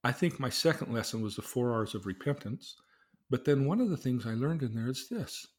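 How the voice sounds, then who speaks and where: A man's voice: medium pitch, expressive, a little fast, slightly rough. A middle-aged man sharing his own story as a religious lesson for his daughter, earnestly asking questions and acting out voices. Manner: earnest, asks questions and acts out quoted voices. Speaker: father teaching his daughter. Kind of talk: religious life lesson told as personal story.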